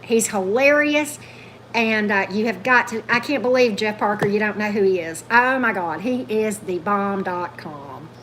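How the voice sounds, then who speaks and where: A woman hosting a casual livestream, gushing, animated, and answering viewer comments. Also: mid-range voice, normal speed, slight background noise. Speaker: tarot channel host.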